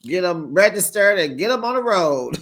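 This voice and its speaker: Sassy guy spilling reality tv tea, kinda high voice, laughs a lot. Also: fairly bright tone. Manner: sassy, talks straight to viewers with "child", "honey", "bruh"; laughs often while telling the story. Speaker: reality TV recap host. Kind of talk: casual gossipy recap commentary.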